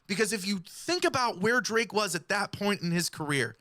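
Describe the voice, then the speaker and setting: A woman giving explanatory commentary in a video, speaking in a measured, analytical way. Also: mid-range voice, expressive, a bit bright, no echo. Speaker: music commentator.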